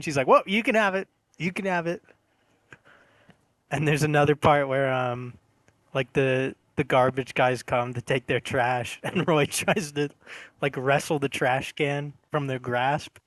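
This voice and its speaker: A man's voice: medium pitch, level tone, unhurried, a bit bright, dry recording. A man co-hosting a casual film review, retelling scenes and laughing often as he talks.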